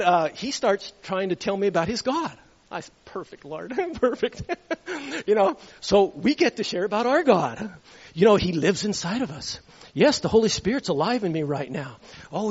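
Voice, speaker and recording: High-voiced man preaching in a reverberant hall. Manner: rambling, chuckles at his own stories. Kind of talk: sermon testimony storytelling. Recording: reverberant hall, dull lo-fi sound.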